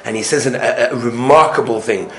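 A man teaching a weekly Torah class, telling the stories with energy. He swings from loud, excited bursts to soft, hushed asides and mixes in Yiddish and Hebrew study terms. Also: medium pitch, brisk. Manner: peppers speech with Yiddish and Hebrew learning terms.

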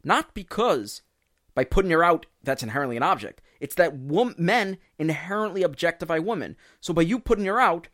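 A man co-hosting a religious discussion podcast, explaining points in a lively way and acting out quoted speakers. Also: a little high, a little fast, dry recording, clean studio sound. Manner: animated, explains with quoted voices. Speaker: podcast co-host.

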